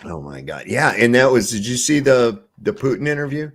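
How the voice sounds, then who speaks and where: Casual podcast guy, mid-pitched, loose and rambling, swears a lot, laughs easily. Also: big pitch swings, brisk. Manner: rambling, profane, laughs often. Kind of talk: casual chat.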